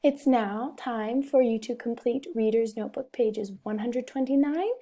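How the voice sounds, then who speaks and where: A woman teaching a recorded reading lesson to young children, patient and expressive as she models sentences aloud. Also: fairly high pitch, normal speed. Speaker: first-grade teacher.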